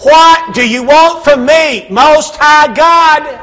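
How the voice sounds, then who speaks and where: A man voicing demons speaking through a possessed man, crying out loud and strained. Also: very high-pitched, fairly even intonation, a little slow, in a large hall, voice pushed up, heavily acted. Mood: anguished. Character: possessed man's demons, many voices, wild.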